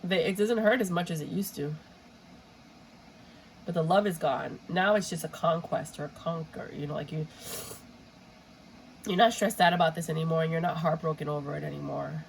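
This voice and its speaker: A woman's voice: sits low, moderate pace, gravelly, long pauses, slight background noise, poor audio. A woman giving a casual, rambling tarot reading with a stuffy, runny nose, sometimes throwing in Spanish exclamations. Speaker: tarot reader.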